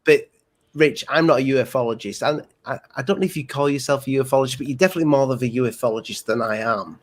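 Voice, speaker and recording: An easygoing man hosts a casual podcast chat, calmly steering the talk back on track. His voice sits at an ordinary middle pitch for a man. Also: fast talker. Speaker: podcast host.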